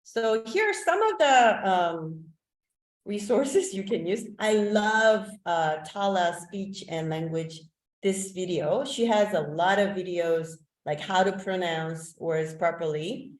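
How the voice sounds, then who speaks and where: A woman's voice: lowish voice, expressive, takes it slowly. A woman whose first language is Korean gives an online teacher-training talk over a video call, chatty and loose, with frequent "like" and "um". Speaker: teacher presenting a webinar. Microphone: video call microphone. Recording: echoey room.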